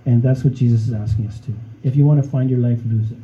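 Male pastor, very warm dark voice, informal preaching, muffled recording. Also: mid-range voice, steady tone, fast. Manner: conversational preaching, frequent "okay?" and "friends". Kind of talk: sermon.

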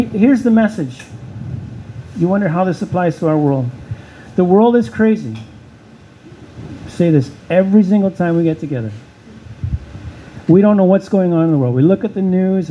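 A pastor with a notably high but dark-toned voice preaches a sermon, asking rhetorical questions and hammering points home through repetition. The sound is a little muffled, with a faint air-conditioning hum behind him.

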